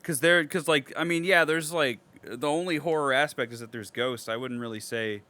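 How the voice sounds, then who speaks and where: A young man co-hosting a podcast in casual chat. He talks excitably and swears a lot, dropping to mumbles and then jumping into loud outbursts. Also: mid-range voice, normal speed. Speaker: podcast co-host.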